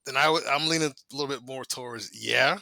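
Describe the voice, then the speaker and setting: Man co-host, gravelly and very sharp-toned, thoughtful, dry close mic. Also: mid-range voice, a little fast, dry recording. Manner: thoughtful, hesitant. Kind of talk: casual podcast chat.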